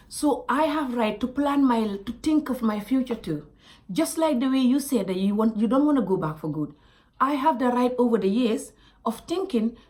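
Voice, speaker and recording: A woman from Africa telling a personal story to camera, animated, with quiet asides and whispers. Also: on the high side. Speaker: vlogger.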